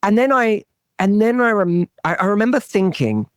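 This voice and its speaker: A man's voice: sits high, expressive, normal speed, clean tone, no echo, clean studio sound. A man who works as a relationship coach, talking as a guest in a podcast interview, telling a personal story earnestly and often restarting and repeating words.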